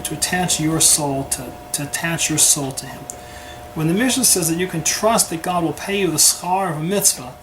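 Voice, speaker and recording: Man teaching a Torah class, noisy recording. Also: fairly high pitch. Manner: conversational, keeps asking "right?". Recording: steady background noise.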